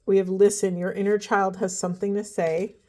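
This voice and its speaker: Brief: woman, mid-pitched, earnest and heartfelt, talking viewers through a spiritual card reading. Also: little pitch movement, a little fast, mellow. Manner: earnest, emotional, spiritual, speaks directly to viewers. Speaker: tarot and oracle card reader.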